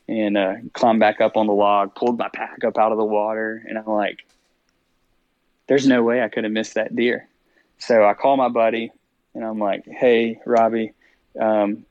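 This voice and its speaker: A man with a lowish voice tells his story as a podcast guest, laughing often and voicing his own thoughts in the moment. The recording is dull, lo-fi and dry, with no room sound. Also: a little mellow, no echo. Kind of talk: storytelling interview.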